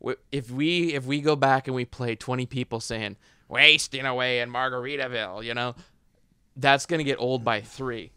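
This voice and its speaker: A man with a bright, crisp voice argues his side in a relaxed podcast chat. He backs each point with an example, recorded close and dry. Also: mid-range voice, moderate pace, no room sound. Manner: argumentative, makes his case with examples. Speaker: podcast co-host and editor. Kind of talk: casual chat.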